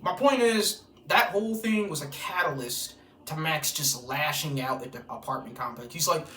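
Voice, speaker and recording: A man's voice: on the high side, normal speed, soft background music. Profane, rambling man recorded in a roomy space. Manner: profane, rambling, animated storytelling. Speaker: vlogger reviewing horror films. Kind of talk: casual movie-review rant. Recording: roomy, distant mic with faint noise.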